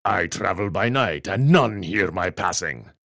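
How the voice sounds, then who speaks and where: A man's voice: sits low, animated, measured pace, gravelly, a bit bright, no echo, clean studio sound, heavily acted. A man voicing a vain, theatrical male vampire who declaims melodramatically. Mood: boastful.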